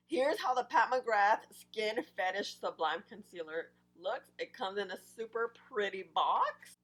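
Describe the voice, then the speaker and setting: A woman's voice: unhurried, few pauses, rough recording. Chatty young woman reviewing makeup. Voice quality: fairly deep voice. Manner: chatty, excited, talks to viewers. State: morning voice. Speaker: beauty vlogger.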